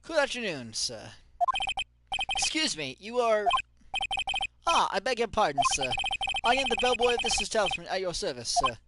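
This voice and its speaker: A man voicing an overly polite male hotel bellboy with a formal, stiff manner over loud game music. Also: sits high, big pitch swings, moderate pace, long pauses, heavy background noise, pitched above the performer's own voice. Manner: formal, says sir a lot.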